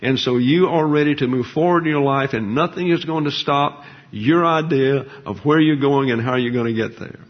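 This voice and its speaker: A man's voice: mid-range voice, moderate pace. A man preaching a Bible teaching sermon, digressive and folksy, explaining words with many fillers. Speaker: pastor. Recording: dull lo-fi recording.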